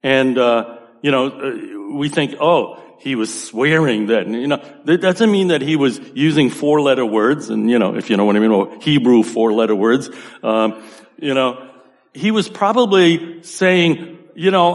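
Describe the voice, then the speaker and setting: A man's voice: mid-range voice, animated, unhurried, in a large hall. A man with a Boston accent preaching a sermon in a loose, conversational way, often checking in with "you know" and "right". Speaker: pastor.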